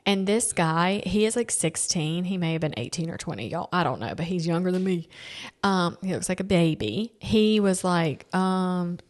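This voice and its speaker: Woman podcast host, chatty storyteller, lowish voice, acts out what others said. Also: normal speed. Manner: animated storytelling, quoting people, laughing often. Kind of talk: casual chat.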